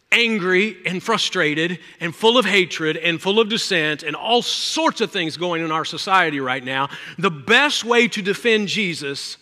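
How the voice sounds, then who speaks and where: A male pastor preaching a sermon, swinging between loud, emphatic lines and hushed ones. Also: fairly high pitch. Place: church sanctuary. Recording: reverberant church hall.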